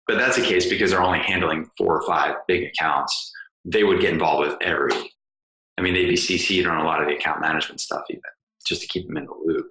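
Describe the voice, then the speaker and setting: Deep-voiced man host, bright and echoey. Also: fairly even intonation, fast. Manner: casual, rambling, many fillers. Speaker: podcast host. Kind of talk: podcast interview. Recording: roomy echo.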